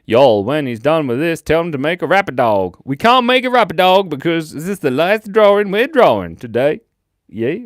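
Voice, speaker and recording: Casting: playful male streamer, lively pitch, dry close mic, giggly chat-reader. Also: moderate pace, dry recording. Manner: playful, reads chat comments aloud, giggles often. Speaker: livestream host drawing with chat. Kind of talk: casual live-stream chat.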